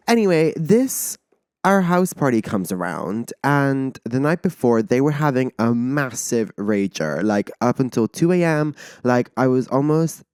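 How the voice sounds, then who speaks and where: A man's voice: medium pitch, unhurried, clean tone, no echo. Chatty young man, dry close sound. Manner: animated, chatty, peppered with "like". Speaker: podcast host. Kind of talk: casual storytelling chat.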